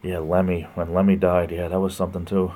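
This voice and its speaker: This livestream host speaks low and brisk, with a flat delivery but a warm tone. He chats casually through viewers' comments, greeting them by name, rambling along and laughing frequently between his remarks.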